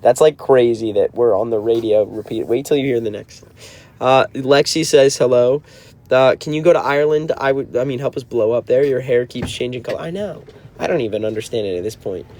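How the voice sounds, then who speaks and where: A man's voice: mid-range voice, brisk, a little mellow. A man in his twenties in a car, chatting casually on a livestream and answering viewer comments. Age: 20s. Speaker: band member hosting a livestream.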